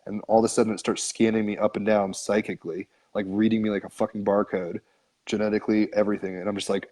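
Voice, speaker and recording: A podcast guest with a fairly low male voice tells a long personal story in a loose, conversational way. His speech meanders, with frequent "like"s and casual swearing. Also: fairly even intonation, fast talker, a little mellow. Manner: rambling, filler-heavy, frequent "like", casual swearing.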